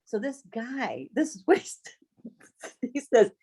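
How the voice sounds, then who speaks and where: A woman tells a story in a casual, chatty way. Her voice sits a bit high and swoops up and down a lot. She laughs often and slips into the voices of the people she quotes. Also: very animated, moderate pace, warm tone, breathy edge. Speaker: guest sharing her business story.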